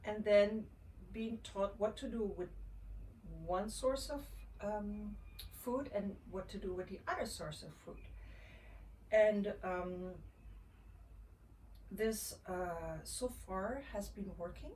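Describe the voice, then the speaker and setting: A woman, a mother sharing her own experiences in a gentle, reflective way, often pausing and restarting. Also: mid-range voice. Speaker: mother sharing parenting tips. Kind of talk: casual personal storytelling. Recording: voice a little far from the mic, faint ambient noise.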